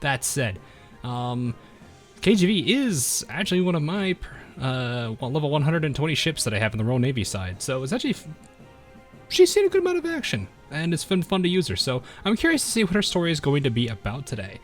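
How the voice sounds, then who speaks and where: A man, a gaming video host, reading a game story aloud and chatting about it, self-mocking and quick to laugh. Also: on the high side, wildly swooping pitch, faint music behind. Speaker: gaming YouTuber.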